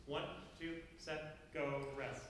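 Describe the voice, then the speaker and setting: A man with a high voice coaches a band through a rehearsal, singing phrases on "da" and calling out counts. He sounds far from the mic in a very echoey hall, with steady noise around him. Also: takes it slowly, loud music behind the voice. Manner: sings rhythms on syllables and counts off bars. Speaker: band conductor. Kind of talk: rehearsal instruction. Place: large rehearsal room. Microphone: distant room recording. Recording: very echoey hall, distant, noisy.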